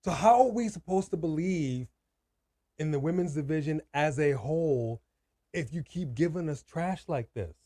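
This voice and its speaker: A man's voice: a little high, lively intonation, normal speed, warm tone, dry recording, studio quality. A man co-hosting a casual live watch-party stream, ranting emphatically and repeating his points. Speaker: co-host.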